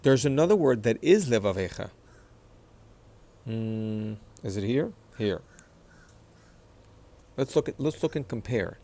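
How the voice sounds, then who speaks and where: A man teaching how to read and stress words, explaining patiently, repeating words slowly, and clearing his throat often after a recent illness. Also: medium pitch, animated, mellow. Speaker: Hebrew reading teacher. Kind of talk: explanatory lesson, screen-sharing.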